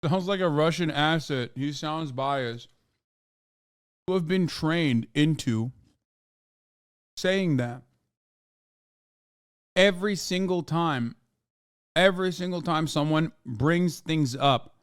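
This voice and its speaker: A man's voice: fairly high pitch, takes it slowly, pauses often, clean tone. A man, giving profane, sarcastic live-stream commentary while reacting to a video. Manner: profane, sarcastic, swings loud when mocking.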